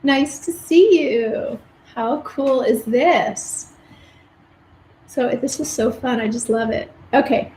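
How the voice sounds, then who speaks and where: A woman's voice: fairly high pitch, slow pace, darkish tone, reverberant, slight background noise, rough recording. A woman art educator chatting casually on a live stream as she paints, rambling and restarting her sentences. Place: home art studio.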